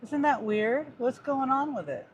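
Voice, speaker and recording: With a high-pitched voice and lively intonation, a gig delivery driver speaks unhurriedly in a casual vlog, sighing and muttering in exasperation at a phone that keeps glitching. There's a slight hiss or hum.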